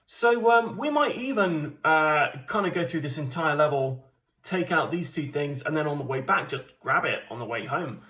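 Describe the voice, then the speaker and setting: A man from the UK with a fairly high voice hosts a casual solo board game playthrough. He talks in a chatty, rambling way and pokes fun at his own strategy skills. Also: expressive, normal speed, pushed and bright. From United Kingdom. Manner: chatty, rambling, self-deprecating. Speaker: board game channel host.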